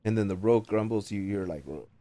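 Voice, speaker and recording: Male game master, low mellow voice, casual, halting narration. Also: little pitch movement. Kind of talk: narrating an online tabletop game.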